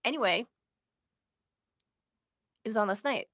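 A middle-aged woman co-hosting a casual chat, telling an emotional story in an animated way. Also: medium pitch, unhurried, no room sound, studio quality. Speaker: podcast co-host.

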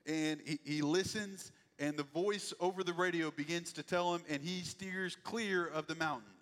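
A man's voice: on the high side, steady tone, normal speed, fairly bright tone. A man preaching a sermon, telling a story animatedly and acting out the voices of the people in it. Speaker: pastor. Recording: echoey hall with long reverb.

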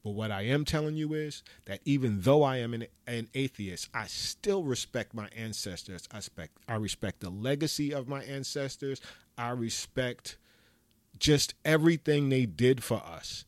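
A man's voice: mid-range voice, normal speed, no echo. A man giving an impassioned, profane solo commentary, talking emphatically and ranting. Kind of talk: impassioned monologue.

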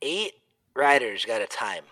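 A medium-pitched male co-host speaks a little slowly on a casual podcast race recap with no echo. Laughing often, he tells his stories animatedly and acts out both sides of each conversation.

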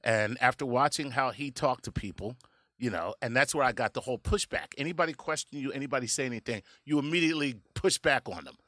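A middle-aged man hosting a comedy podcast, telling stories in an animated way, laughing often and slipping into voices. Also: medium pitch, fast, no echo, clean studio sound. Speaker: podcast host. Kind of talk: casual comedic chat.

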